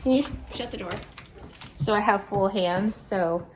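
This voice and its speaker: A woman's voice: medium pitch, normal speed, noisy background. A woman talking casually in a video diary, chatty and rambling, often restarting her sentences and talking to her dog. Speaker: vlogger.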